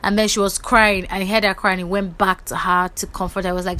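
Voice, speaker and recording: A woman's voice: medium pitch, fast, hardly any pauses. A woman casually retelling reality show drama, acting out each person's lines. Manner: animated, acts out quotes. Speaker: gossip vlogger.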